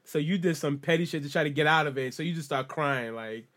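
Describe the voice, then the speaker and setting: A man's voice: fairly high pitch, fast, a bit bright. A man in a casual chat who talks bluntly in slang, jokes, and repeats himself for effect.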